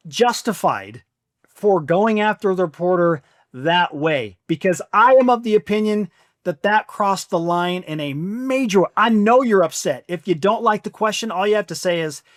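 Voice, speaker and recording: A man hosting a podcast, telling stories in an animated way and giving firm opinions. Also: sits high, a little slow, no room sound, clean studio sound. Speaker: podcast host. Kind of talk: casual chat.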